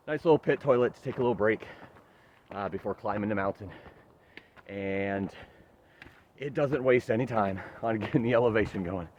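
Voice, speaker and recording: A man's voice: mid-range voice, slight background noise. A man talks to his camera while climbing a steep forest trail, chatty and upbeat and a little winded. His voice sits in a middling register. The outdoor recording is slightly dull, with faint open-air sound behind him. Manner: chatty, upbeat, laughs at himself, many "uh" fillers. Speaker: hiking vlogger. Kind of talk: casual vlog narration while hiking.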